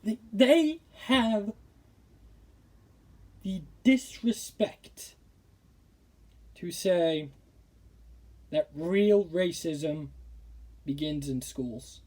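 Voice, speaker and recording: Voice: mid-range voice, expressive, extremely slow, pauses often, mellow. A football commentary streamer ranting with indignation in casual talk, often stammering and restarting sentences. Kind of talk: casual opinion rant.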